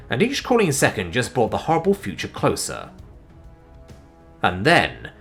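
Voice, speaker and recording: A man narrates a sci-fi war story in an animated, expressive way, his pitch and loudness swinging suddenly.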